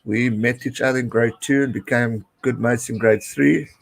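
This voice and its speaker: Excitable South African man cheering rugby. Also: mid-range voice, moderate pace, creaky, low-quality recording. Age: late 20s. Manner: chatty, excitable, cheering at the screen. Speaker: live-stream host. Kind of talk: casual watch-along commentary.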